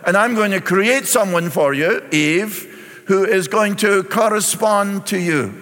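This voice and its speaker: A middle-aged pastor, preaching a sermon and reading scripture aloud before explaining it. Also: male voice, high voice, a little slow, a bit bright. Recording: long reverb in a large hall.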